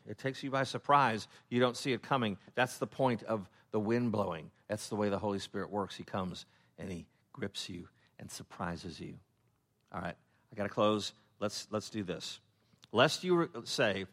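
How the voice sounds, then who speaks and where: A man preaching a sermon as a pastor, acting out biblical characters with laughing asides and dropping to a hush on solemn points. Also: lowish voice. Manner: animated storytelling, acting out voices of biblical figures, laughing asides; drops to a hushed, slow tone on solemn points.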